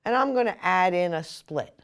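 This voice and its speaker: Woman, software tutor, lowish voice, smooth clear tone, steady walkthrough. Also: normal speed. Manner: steady step-by-step explaining. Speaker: software instructor. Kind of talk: screen-recorded tutorial.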